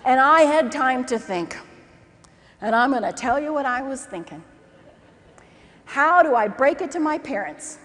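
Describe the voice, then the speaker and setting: Brief: high, lively woman speaker, comic storytelling, echoey hall, faint noise. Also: a little slow, long pauses. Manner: animated, acts out characters, laughs through lines. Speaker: keynote speaker. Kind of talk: humorous storytelling speech.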